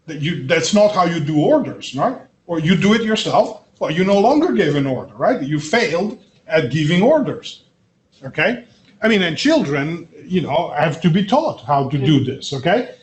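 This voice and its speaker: A middle-aged man giving a university lecture, often checking in with "okay?" and "right?" and pausing on filler sounds. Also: a little high, sing-song. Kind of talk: classroom lecture.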